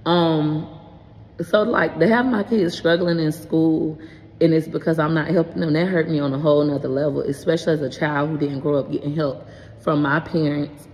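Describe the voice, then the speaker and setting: Brief: frank, animated mom in her thirties, low mellow voice, echoey room with faint hiss. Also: normal speed. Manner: frank, animated, swears casually. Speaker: content creator and parent. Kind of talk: casual vlog explaining homework help.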